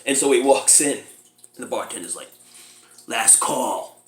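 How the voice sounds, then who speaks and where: Man reviewer, casual and giggly, animated pitch, recorded in an echoey room. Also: a little fast. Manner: laughs often while retelling scenes, mimics characters in high squeals. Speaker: movie reviewer.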